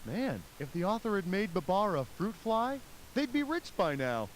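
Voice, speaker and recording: A man's voice: sits high, very animated, moderate pace. An actor playing a wisecracking, sarcastic male game show host in a quiz video game. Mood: snarky. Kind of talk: scripted quiz game hosting. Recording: loud game music behind.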